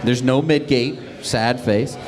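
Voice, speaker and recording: A man's voice: mid-range voice, fairly even intonation, takes it slowly. A man co-hosting a casual chat at a live event, inquisitive and thinking aloud. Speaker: co-host. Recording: crowd chatter behind.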